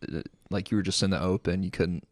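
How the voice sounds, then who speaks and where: A man and military veteran, telling war stories in an animated, slangy way with frequent laughter. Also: low voice, fairly quick, dry recording, studio quality. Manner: animated storyteller, slang like "dude", laughs a lot. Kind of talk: casual podcast storytelling.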